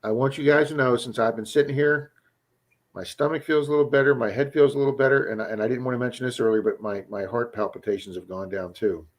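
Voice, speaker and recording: A man's voice: mid-range voice, fairly even intonation, fast talker. Rambling man hosting a live stream. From Florida. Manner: rambling storyteller, repeats words when starting sentences. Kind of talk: casual live stream chat.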